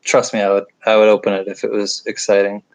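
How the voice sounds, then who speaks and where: Fairly low in pitch with little movement, his voice is a touch mellow and quick, captured on a low-quality recording. The middle-aged upstate New Yorker, nasal in accent, rambles and jokes through viewer comments on a casual nighttime home livestream, tossing in self-deprecating asides.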